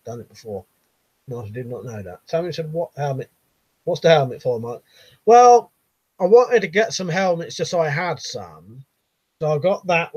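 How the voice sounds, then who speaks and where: A man from Buckinghamshire, England, with a Southern English accent, hosts a casual live stream, reading viewers' comments aloud, laughing often and swearing casually. His medium-pitched voice has a darkish tone with a breathy edge, in a low-quality recording without echo.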